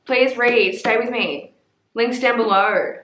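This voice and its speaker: A woman in her twenties with an Australian accent chats casually about books as a book vlogger. Her voice is fairly high and fairly bright, her pace is slow, and the recording is reverberant. She gushes, swears freely and drops playful swooning asides.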